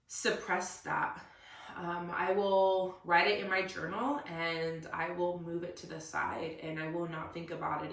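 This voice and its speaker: A woman's voice: deep voice, bright, forceful tone. A woman hosting her own podcast alone, talking in an earnest, emotional, motivational way about pushing through hardship. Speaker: podcast host. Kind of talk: emotional solo podcast monologue. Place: room recorded alone. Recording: roomy echo, somewhat far from mic.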